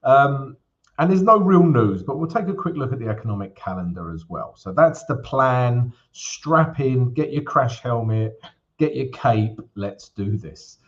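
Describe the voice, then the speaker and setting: A man's voice: medium pitch, lively intonation, unhurried, dull audio. A man hosting a live trading stream, talking in an upbeat, chatty way as he walks through charts and greets viewers, often checking in with "right?". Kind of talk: casual live-stream chat and chart walkthrough.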